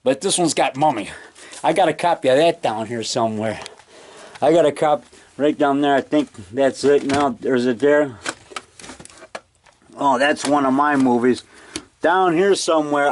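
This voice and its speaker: Man, somewhat high-pitched, rambling and excitable, casual home vlog, basement, camcorder mic. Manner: rambling, restarts and trails off, excitable. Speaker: low-budget monster moviemaker.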